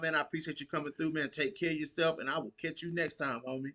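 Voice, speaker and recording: A man's voice: fairly high pitch, steady tone, quick pace, pushed and bright. Laid-back man hosting a slangy podcast. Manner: laid-back slangy talk, laughs often. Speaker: podcast host. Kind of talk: casual podcast chat.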